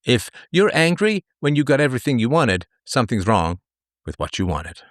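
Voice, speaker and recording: A man's voice: mid-range voice, sing-song, moderate pace, no echo. Guy doing a livestream rant, reads stats, repeats himself to drive it home, dry sound. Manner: reads statistics, repeats phrases for emphasis. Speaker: livestream host. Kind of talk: commentary monologue.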